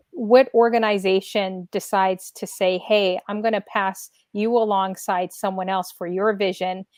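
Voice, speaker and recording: A woman's voice: medium pitch, no room sound, studio quality. Emotional, rambling woman livestream host. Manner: emotional, gushing, rambling with many fillers. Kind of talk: casual livestream chat.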